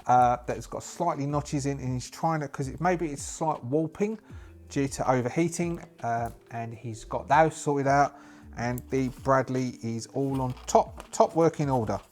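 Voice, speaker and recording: A man's voice: medium pitch, a little slow, darkish tone. A man narrating a solo tabletop game, musing and thinking aloud as he plays.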